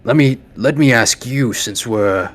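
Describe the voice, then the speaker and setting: A man's voice: medium pitch, a little slow, fairly bright tone. A man voicing a shrewd, amused, wounded male camp leader who talks in a sly, teasing way.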